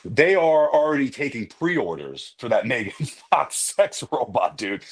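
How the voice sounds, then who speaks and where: A man with a husky, slightly rough voice, co-hosting a casual podcast. His pitch swings widely as he jokes, swears and cuts in over his partner. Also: a little slow. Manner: animated, swearing, jokey, talks over his co-host. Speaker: podcast co-host.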